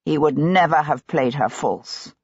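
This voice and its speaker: A woman voicing a cool, guarded male Russian colonel who answers in an evasive, measured way, in a dull, dry recording. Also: sits low, breathy edge, no room sound, pitched below the performer's own voice, heavily acted.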